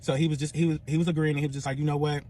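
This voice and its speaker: Fast-talking young man, animated and profane, faint background noise. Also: on the high side. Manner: profane, animated retelling with quoted dialogue. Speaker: storyteller. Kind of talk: casual storytelling.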